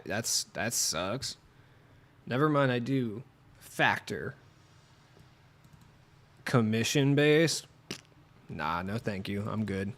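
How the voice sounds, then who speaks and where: A man streaming a basketball video game, chatting casually and excitably with viewers, cursing as he plays, with a voice a little lower than usual from being sick. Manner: swearing, excitable, talks to chat while playing. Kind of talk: casual gaming stream chat.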